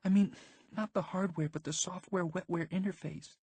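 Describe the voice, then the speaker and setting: Man doing a high, husky teen girl, anxious and snappy, audiobook read. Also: steady tone, a little fast, darkish tone, no room sound. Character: anxious, sharp-tongued teenage girl. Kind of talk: audiobook character voice.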